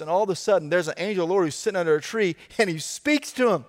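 A man preaching a sermon to a congregation in a conversational way, with dramatic pauses and repetition. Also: high voice, in a large hall. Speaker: pastor.

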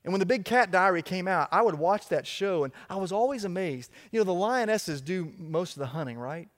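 A man's voice: sits high, expressive, fairly quick, in a large hall. A man preaching a sermon as pastor, emphatic, with a repetitive cadence.

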